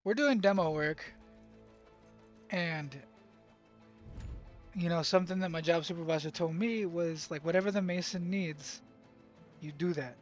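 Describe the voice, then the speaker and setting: A young man tells a story from his job site in a loose, rambling way, full of fillers and false starts. His voice sits a little high for a man. Faint music plays underneath. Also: a little slow, pauses often, muffled recording. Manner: rambling, lots of fillers and restarts; bilingual, speaks Spanish at work. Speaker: vlogger. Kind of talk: casual storytelling.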